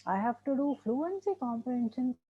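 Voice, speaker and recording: A woman's voice: a little high, animated, normal speed, breathy edge. A woman with an Indian English accent giving an emphatic training lecture to teachers and parents, repeating her points. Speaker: special education trainer. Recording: dull muffled lecture recording.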